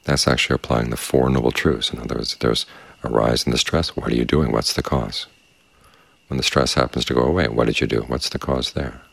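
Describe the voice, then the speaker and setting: A man giving a dharma talk as meditation teacher, speaking in a calm, measured, unhurried way. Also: very deep voice, creaky, no room sound. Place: quiet meditation space with crickets outside.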